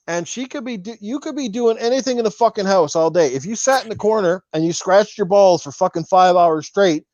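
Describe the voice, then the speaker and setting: A male podcast host with a fairly high voice who tells stories in a profane, animated way. He is recorded dry and dull, with a lo-fi sound. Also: no room sound. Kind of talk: casual podcast chat.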